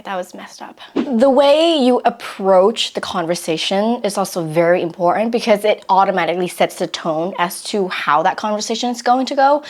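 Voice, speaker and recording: A young woman hosts her own vlog and talks through relationship advice in a chatty, earnest way. Her voice sits at a middle pitch, and she slips quoted lines into her talk as she goes. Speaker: vlogger and host.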